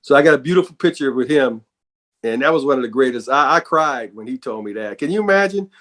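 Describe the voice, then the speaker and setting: A middle-aged man, a bassist, telling stories in a casual interview, animated and often repeating words as he goes. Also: quick pace. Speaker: bassist and guest.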